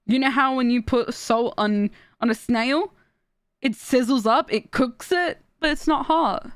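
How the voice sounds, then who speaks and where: Animated young woman streamer, dry sound. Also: sits high, measured pace, clear, resonant tone, no echo. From Australia. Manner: animated storytelling with laughs and repeated restarts. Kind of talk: casual chat while streaming.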